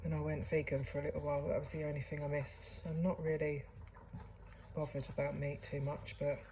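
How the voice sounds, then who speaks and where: A woman's voice: low-pitched, little pitch movement, fairly quick, mellow, slight background noise, poor audio. A woman hosting a casual cooking demonstration, chatting to viewers in a chatty, self-deprecating way. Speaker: cooking channel host. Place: kitchen away from home.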